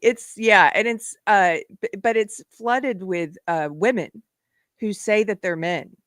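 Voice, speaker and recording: A woman's voice: mid-range voice, takes it slowly, dry recording, clean studio sound. A woman hosting a live online show, chatting casually and laughing often as she tells stories. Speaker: host. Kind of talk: casual live-stream chat.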